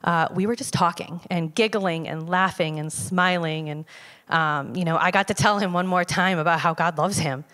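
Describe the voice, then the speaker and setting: Woman giving a halting church testimony. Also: fairly low pitch, a bit bright, clear, resonant tone. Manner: conversational, halting, with frequent fillers and restarts. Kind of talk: personal testimony told to a congregation. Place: church sanctuary. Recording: long hall reverb.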